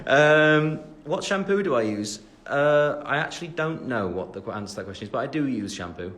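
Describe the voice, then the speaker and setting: This is a fairly bright, expressive, medium-pitched male voice moving fairly quickly with few pauses. He's a Midlands Englishman in his twenties, at home after the gym, casually fielding fan questions on a phone livestream with plenty of fillers and self-deprecating remarks. Slight background noise comes through the phone camera's mic.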